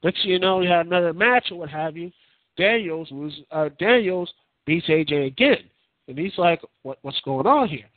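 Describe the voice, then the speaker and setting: Man, podcast host, high voice, rambling opinionated solo talk, dry tinny phone-line sound. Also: normal speed, no room sound. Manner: rambling, opinionated, circles back on his points. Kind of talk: casual solo wrestling commentary.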